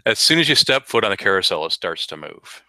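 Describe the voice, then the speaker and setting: A man's voice: deep voice, very animated, fast talker, sharp tone, dry recording. A man running a tabletop game as game master, narrating scenes with frequent uhs and repeated words.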